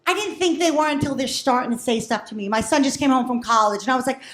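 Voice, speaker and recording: A woman's voice: high-pitched, fast talker, a bit bright. A woman doing a brash, profane stand-up set, acting out her family. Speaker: stand-up comedian. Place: comedy club. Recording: echoey club room.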